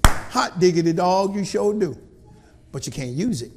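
A man preaching a colloquial sermon in a church style, with call-and-response and shouted peaks. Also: sits high, expressive, moderate pace, pauses often, a little hiss or hum. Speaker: pastor.

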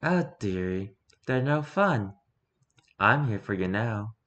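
A man's voice: very animated, slow pace, fairly bright tone, muffled recording, full character voice. A man doing a cooing sinister carnival thing. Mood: coaxing. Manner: syrupy, cooing, turning low and menacing. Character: creepy sweet-talking carnival entity, possessive and sinister.

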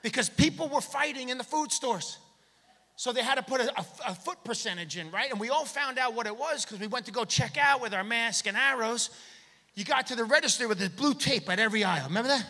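Male stand-up comic, high-pitched, lively, acts out shouted bits, live theater reverb. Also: fairly quick. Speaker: stand-up comedian. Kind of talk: stand-up comedy set. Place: theater stage. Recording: long hall reverb from a theater.

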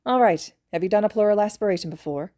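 A woman voicing a calm, authoritative female trauma doctor who gives brisk clinical orders and reassures patients. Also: medium pitch, dry recording, clean studio sound, pitched above the performer's own voice, close to an everyday voice. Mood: instructive.

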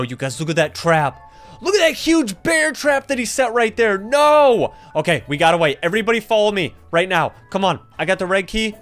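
A young man doing let's-play commentary of a horror game, talking to viewers and yelping at every scare. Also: on the high side. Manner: excitable, yelps and shouts at scares; talks to viewers as "you guys". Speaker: gaming YouTuber. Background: game music.

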